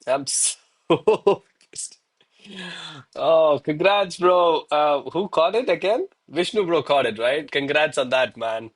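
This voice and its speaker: On a live trading stream, an exasperated South Indian gold trader talks himself down, leaning heavily on "bro" and "man." His male voice is on the high side and unhurried.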